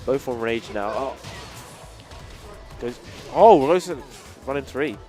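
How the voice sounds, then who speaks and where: A man with a mid-range voice calls fighting game action as co-commentator. He breaks down moves with quick, excitable reactions. Faint music plays behind him. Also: medium pitch. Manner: excitable play-by-play, analytical. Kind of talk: casual esports commentary.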